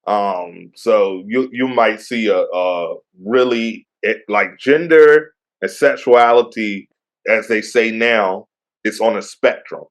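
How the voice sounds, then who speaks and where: A man's voice: fairly low pitch, slow. A middle-aged man co-hosting a podcast, chatting in a laid-back, joking way and patiently explaining things. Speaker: podcast co-host. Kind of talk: casual chat.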